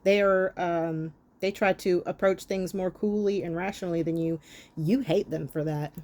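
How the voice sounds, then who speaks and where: A woman's voice: lowish voice, fairly even intonation, normal speed, darkish tone, a little hiss or hum. A woman doing a tarot reading monologue, talking bluntly and scolding her listeners with plenty of profanity. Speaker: tarot reader.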